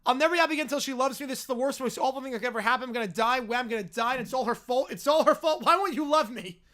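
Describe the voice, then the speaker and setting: A man voicing a whiny, obsessive male bear who yells and pleads over and over. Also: very high voice. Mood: whining. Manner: whining, yelling, drawn-out pleading.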